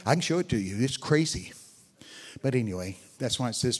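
An older man, guest-preaching a sermon, speaks a little fast in a husky, mid-range voice with lively intonation. He tells stories and chats with people in the audience.

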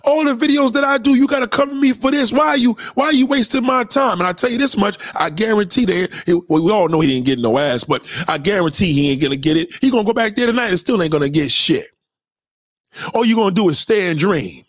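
A man hosting a livestream, ranting loudly and profanely and mocking people with quoted voices. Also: sits high, fast talker, dry recording. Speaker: livestream host.

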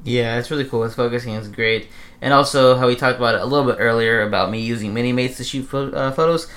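Relaxed young male podcast host. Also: mid-range voice, fast talker. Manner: relaxed and swearing, runs the segments. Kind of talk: casual podcast chat.

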